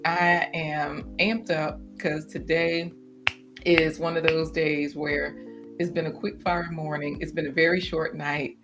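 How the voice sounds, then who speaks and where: A woman hosting a garden livestream in casual chat, animated and chatty, breaking into laughter often. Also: low-pitched, slow pace, over music.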